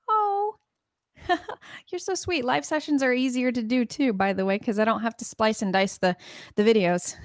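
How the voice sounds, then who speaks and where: A woman's voice: fairly high pitch, no echo, clean studio sound. An American woman from California giving a casual live-stream singing lesson, chatty and rambling, laughing often. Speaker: singing teacher.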